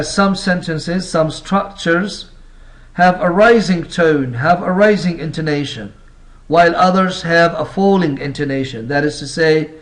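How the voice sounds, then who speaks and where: This recorded lesson comes from a male English teacher whose voice sits on the high side. Speaking slowly, he rephrases what he says and asks the class rhetorical questions.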